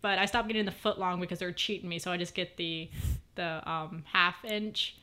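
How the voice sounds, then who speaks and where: A woman chatting as a podcast guest, loud and excitable, laughing often, recorded in a small studio with a wood floor. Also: lowish voice, normal speed. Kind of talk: casual chat. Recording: echoey room.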